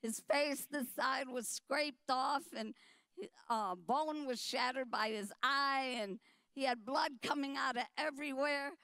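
Animated middle-aged woman telling a story. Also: high-pitched, unhurried, dry recording. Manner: animated, emphatic, acts out quotes. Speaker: ministry founder telling her story. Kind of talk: storytelling speech at a dinner.

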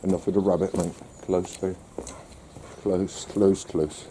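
A man's voice: deep voice, level tone, unhurried, dark tone, slight background noise. A man filming a countryside walk, chatting casually to his dog and the camera. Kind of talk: casual vlog narration. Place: outdoors in the countryside.

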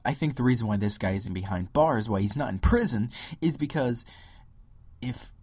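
A man's voice: medium pitch, animated, moderate pace, a little mellow, no echo. A man ranting sarcastically to camera in a video blog, often breaking into mock quotes. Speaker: vlogger. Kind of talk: political rant to camera.

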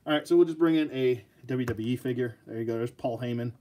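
A man's voice: medium pitch, fast, hardly any pauses, warm tone. A man hosting a casual live action figure review, joking and rambling as he talks to his viewers.

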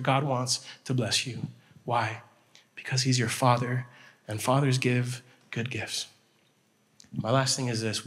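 A man preaches in a chapel, his voice trailing off into a long hall reverb. He tells his story with lively energy and keeps checking that his listeners are with him. His pitch sits in an ordinary middle range. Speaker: pastor. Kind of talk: storytelling sermon.

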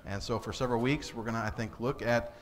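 A man's voice: mid-range voice, fairly even intonation, fast. A man, the pastor, giving casual closing announcements with frequent fillers.

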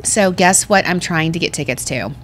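Chatty, excitable woman podcast co-host. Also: lowish voice, moderate pace, a little hiss or hum. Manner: chatty and excitable, with many restarts. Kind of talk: casual chat.

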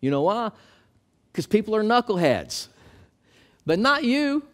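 Man, pastor, sermon, emphatic preaching, slightly high pitch. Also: very animated, measured pace. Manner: preaching with rising emphasis and quoting scripture.

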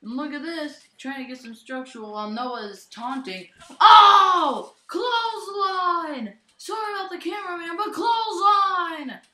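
A young woman giving an excited play-by-play commentary on a toy wrestling match, often breaking into shouted exclamations. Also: very high-pitched, normal speed, hardly any pauses, a little hiss or hum. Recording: echoey room.

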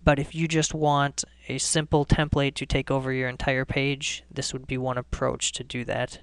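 Smooth-voiced man explaining code, flat delivery. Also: mid-range voice, normal speed, no room sound. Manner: relaxed step-by-step explaining with restarts. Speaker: coding tutorial host. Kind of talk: screencast programming lesson.

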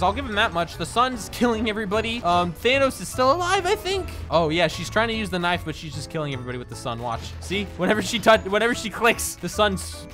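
A gaming YouTuber giving excitable, laugh-filled commentary over gameplay, with sudden shouts. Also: mid-range voice.

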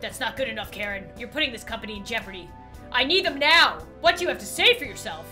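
A woman's voice: on the high side, expressive, fast talker, bright, forceful tone, faint music behind, pitched below the performer's own voice. A woman voicing a harsh, belittling male office boss in a game she reads aloud. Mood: contemptuous. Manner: cold, belittling, barking. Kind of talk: game dialogue read aloud.

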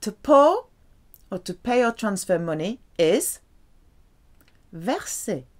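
Woman teaching french vocab, slow and careful, voice going up and down a lot. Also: medium pitch. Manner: slow, careful, lively delivery with drawn-out French examples. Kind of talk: language lesson.

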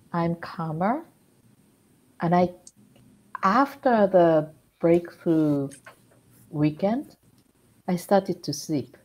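A woman on a casual video call, sharing her experience in a hesitant, halting way, often repeating words. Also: lowish voice, a little mellow.

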